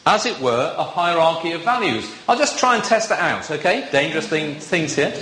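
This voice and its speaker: A visiting preacher in a church with box pews gives a chatty sermon, playfully teasing his congregation. His voice is a little high, sing-song, pushed and bright at a moderate pace, and the church room echoes.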